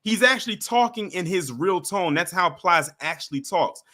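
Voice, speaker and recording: A man hosts a livestream and reacts to clips with an animated, mocking edge. His voice sits a bit high and has a very bright, forceful ring. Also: moderate pace. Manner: animated, mocking, chats with viewers. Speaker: livestream host. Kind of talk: casual reaction commentary.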